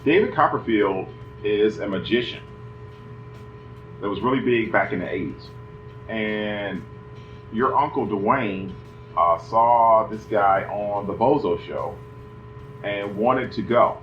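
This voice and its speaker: A man's voice: on the low side, takes it slowly, pauses often. A middle-aged man telling a family story casually, acting out the voices and saying "you know" a lot. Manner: animated, acts out voices, many "you know" fillers. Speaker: son telling family stories. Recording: roomy, slightly dull, faint music behind.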